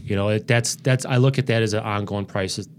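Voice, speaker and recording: A man's voice: lowish voice, steady tone, fairly quick, a little hiss or hum. A man hosting a podcast, talking in an earnest, rambling way with plenty of restarts. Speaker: podcast host. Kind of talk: casual interview chat.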